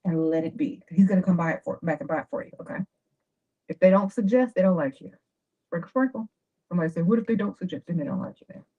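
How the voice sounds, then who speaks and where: A woman giving dating advice in a chatty, animated livestream talk. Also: on the low side, fast. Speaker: advice host. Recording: dull lo-fi sound.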